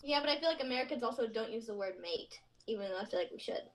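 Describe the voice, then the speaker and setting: A woman's voice: fairly high pitch, animated, racing, crowd noise. A young adult woman co-hosting a podcast, telling casual stories with giggles and self-mocking asides. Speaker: podcast co-host. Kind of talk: casual chat.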